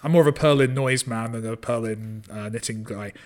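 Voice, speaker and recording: A man's voice: mid-range voice, a little fast, a little mellow. A man co-hosting a podcast in casual chat, joking and self-deprecating. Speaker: podcast co-host.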